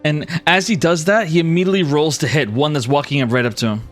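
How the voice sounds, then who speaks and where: A man narrating as game master, easygoing and quick to apologize. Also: a little high, faint music behind. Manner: lively, apologetic, laughs easily.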